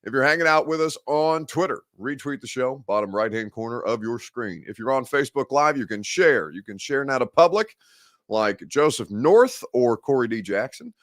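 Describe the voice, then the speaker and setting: A man's voice: mid-range voice, animated, normal speed, a bit bright, dry recording. A man hosting a live sports talk show from a studio, chatting casually and answering viewer comments with wry humor.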